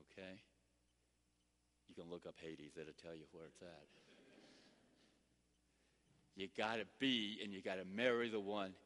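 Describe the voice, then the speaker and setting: A male pastor preaching a sermon, dramatic, swinging from loud emphasis to hushed asides and acting out little scenes. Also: fairly low pitch. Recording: long hall reverb.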